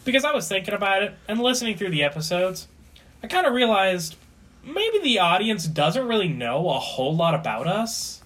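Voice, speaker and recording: A man's voice: high voice, very animated, moderate pace, fairly bright tone. A man co-hosting a podcast, joking, teasing and swearing casually. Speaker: podcast co-host. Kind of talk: casual chat.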